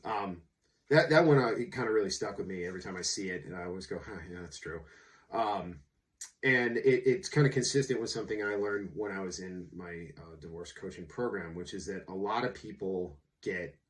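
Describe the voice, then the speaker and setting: Man in his thirties, low voice, casual unscripted talk, frank slangy coach, slightly distant mic. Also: brisk. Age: 30s. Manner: candid and informal, with fillers and blunt slang. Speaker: divorce coach.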